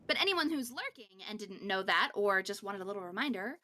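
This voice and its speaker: A woman's voice: mid-range voice, expressive, brisk, bright, forceful tone, slight background noise. A woman co-hosting a game stream, friendly and explanatory in casual chat. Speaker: co-host.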